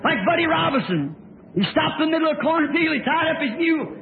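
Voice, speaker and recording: High-voiced preacher on tinny tape. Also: male voice, lively intonation, fast. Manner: folksy storytelling, swings between soft asides and shouted cries. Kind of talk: sermon. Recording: tinny old lo-fi tape with faint hiss.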